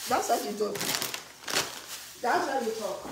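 A woman's voice: a little high, animated, a little slow. A middle-aged woman hosting a home cooking video with her daughter, teasing and bossy with playful mock threats. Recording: echoey kitchen with clear background noise.

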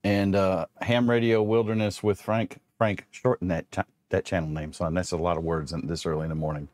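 Low-voiced older man hosting, joking. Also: fairly even intonation, fairly quick, darkish tone. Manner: joking, teasing, reads out viewer messages. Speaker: co-host. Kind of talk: casual show chat.

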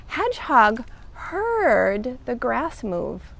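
A woman librarian doing a children's storytime reading, animated and expressive. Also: sits high, slow pace, a little hiss or hum. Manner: animated, expressive read-aloud.

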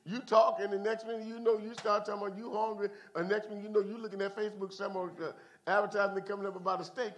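A high-pitched man preaching at a midweek Bible study. He talks in an animated way, leaping from loud hallelujahs to quiet, low asides. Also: quick pace, a little hiss or hum. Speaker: pastor.

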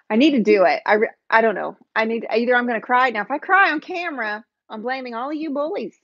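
This is casual live-stream chat from a woman painting as she nervously talks to her viewers and commenters. Her voice is a little high, with lively intonation at a normal speed, over dull, dry home-stream audio free of room sound.

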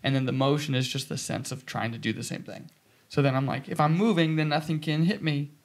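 Gravelly young man telling stories. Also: mid-range voice, a little fast. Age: 20s. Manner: animated storytelling, acting out quoted dialogue. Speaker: podcast co-host. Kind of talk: casual chat.

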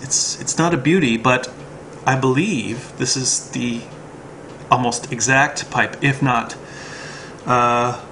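A man's voice: mid-range voice, bright, forceful tone, a little hiss or hum. A man talking casually and hesitantly about his pipes, with many ums and uhs. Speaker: pipe smoking vlogger. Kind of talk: casual show and tell.

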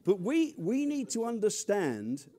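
An older man with an English accent, from near London, delivers a sermon in a high, lively voice. He preaches with humor and bursts of loud emphasis, then drops into low, quiet asides. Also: unhurried. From England. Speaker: pastor.

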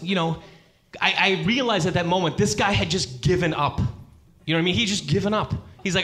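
A man performs stand-up, spinning a story with animated delivery and sudden jumps into character voices. His voice sits a little high and sounds bright and forceful. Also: fast talker. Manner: animated, acts out characters with big jumps in pitch. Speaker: stand-up comedian.

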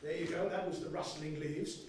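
A man's voice: on the high side, steady tone, normal speed, a little mellow, slight background noise, natural voice. A man playing a cheeky, mocking 1920s radio engineer in a comic one-man stage play, with a teasing, irreverent manner. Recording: echoey hall, far from mic.

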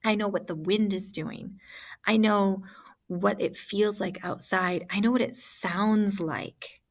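A woman's voice: mid-range voice, steady tone, takes it slowly. A woman teacher giving an online classroom lesson and walking students through examples step by step.

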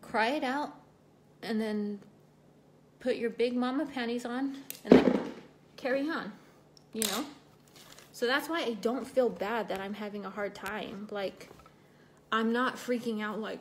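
Woman host, fairly high voice, chatty livestream talk over makeup, emotional, faint room hum behind. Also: a little slow, long pauses. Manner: chatty, reads out viewer comments while doing makeup. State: emotional, recovering from a broken foot. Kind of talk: casual livestream chat.

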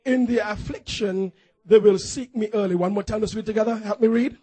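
A man's voice: high voice, a little fast, dark tone, husky. A man pastor preaching a fervent call-and-response sermon in a church, urging the congregation to repeat phrases after him.

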